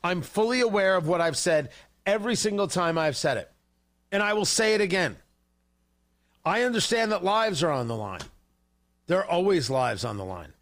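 A male commentary host with a high, lively voice that leaps up and down. He rants with heated sarcasm, mocking and scolding as he comments on a livestream. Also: moderate pace, long pauses.

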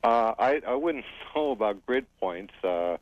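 A man talking to a radio host over the phone, halting and stammering through short answers. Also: medium pitch, lively intonation, slight background noise. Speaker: guest on the phone. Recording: dull phone line.

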